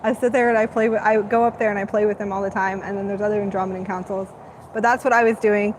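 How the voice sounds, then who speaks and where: A woman's voice: medium pitch, steady tone, fast, a little hiss or hum, poor audio. A woman hosting a live spiritual channeling talk, speaking in a dreamy, rambling, gushing way.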